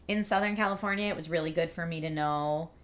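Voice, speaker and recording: A woman hosts a livestream, chatting casually and reading viewer comments aloud in an upbeat, rambling way. Her voice is fairly low and fast.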